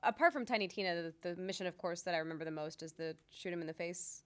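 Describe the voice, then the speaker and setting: A woman's voice: fairly low pitch, fast, fairly bright tone, clear, resonant tone. A young adult woman voice actor chatting casually in an interview, with lots of ums and likes. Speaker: voice actor guest. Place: convention interview.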